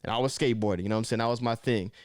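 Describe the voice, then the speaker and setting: A young man from Southern California talks to camera in a quick, lively stream. He is casual and streetwise, peppering lines with man and bro. The sound is dry and close, with no room around it. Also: mid-range voice, dry recording. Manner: animated, slips into mocking voices; streetwise slang, says man and bro often. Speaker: vlogger.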